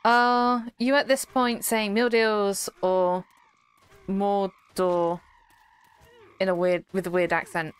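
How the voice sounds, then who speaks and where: A woman's voice: mid-range voice, little pitch movement, takes it slowly, clean tone. Chatty giggly woman streamer. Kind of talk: casual chat with live chat.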